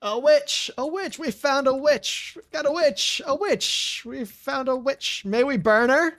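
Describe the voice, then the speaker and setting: A man putting on a shrill, excited medieval villager who shrieks accusations. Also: a little slow, exaggerated voice. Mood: excited shouting.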